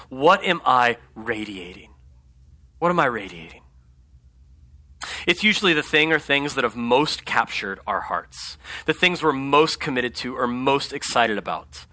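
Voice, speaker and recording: A man's voice: fairly high pitch, normal speed. A man preaching a conversational sermon, often checking in with his congregation by asking "right?". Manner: conversational, animated, asks the audience "right?". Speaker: pastor.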